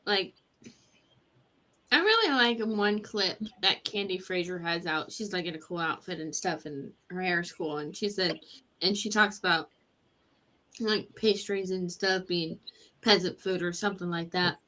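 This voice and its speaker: A woman's voice: fairly low pitch, unhurried, bright, forceful tone. A young woman in casual livestream chat, rambling and giggly. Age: young adult. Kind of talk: casual live-stream chat.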